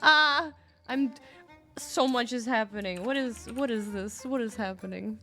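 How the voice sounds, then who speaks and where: A woman's voice: on the high side, a little slow, sharp tone, soft background music. A young woman chatting casually on a live stream, gushing and a little scattered as she talks to her viewers. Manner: bubbly, gushing and a bit scattered.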